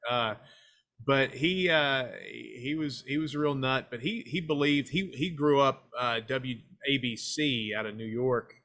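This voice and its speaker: A man with an East Tennessee twang talks in a bright, forward voice, rambling through folksy stories as a guest on a casual podcast. His pitch sits in a middle range for a man. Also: measured pace. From United States. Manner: folksy storyteller, slips into a hyped funky DJ persona. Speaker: guest, filmmaker and pro wrestler.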